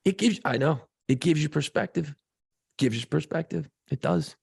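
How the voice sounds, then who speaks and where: A man co-hosting a podcast, telling a profane, excitable story in casual chat. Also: a little high, moderate pace, no echo, clean studio sound. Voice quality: gravelly, husky voice. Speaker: podcast co-host.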